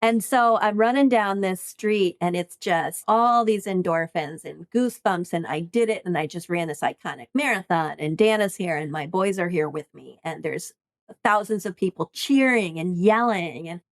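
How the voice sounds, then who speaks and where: A woman in her fifties, a podcast guest, telling a personal story in an animated, excited way. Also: on the low side, moderate pace, no room sound. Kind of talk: casual storytelling.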